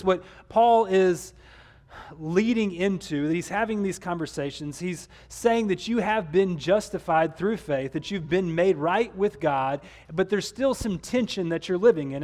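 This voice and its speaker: A man's voice: on the high side, darkish tone. A man pastor preaching a conversational sermon, with some restarts along the way.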